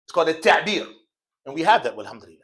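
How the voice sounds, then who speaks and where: Lively, high-voiced man teaching class. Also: racing. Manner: playful, joking, laughs often; slangy casual speech. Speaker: Arabic teacher. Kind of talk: classroom Arabic lesson, call and response. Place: mosque classroom.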